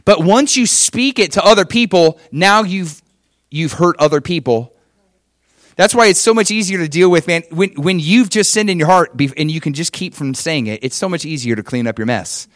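A man's voice: fairly high pitch, animated, normal speed, fairly bright tone, no echo, studio quality. A man preaching a sermon as pastor, emphatic and conversational, often checking in with his listeners. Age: adult father with children.

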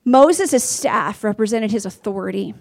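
A woman preaching a sermon, animated and earnest, talking straight to her listeners. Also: medium pitch, a little slow, vocal fry.

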